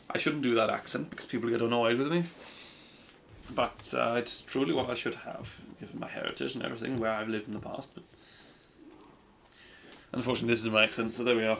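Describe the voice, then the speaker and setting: A young man chatting casually while he plays a game on stream. He rambles from topic to topic and pokes fun at himself, speaking at an ordinary pitch into a desk microphone. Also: steady tone, fast, gravelly, pauses often, fairly bright tone. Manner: rambling, self-deprecating. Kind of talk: casual gameplay commentary.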